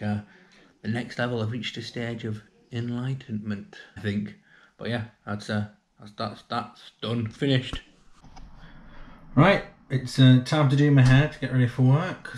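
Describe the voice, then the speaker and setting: A young man talks his way through an ordinary day for a casual vlog, joking about himself in a dry, deadpan way. His voice sits at an ordinary middle pitch, recorded on a handheld camera indoors at home with a faint hum of room noise behind him. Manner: dry self-mocking humour. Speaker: vlogger. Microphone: camera held while filming himself.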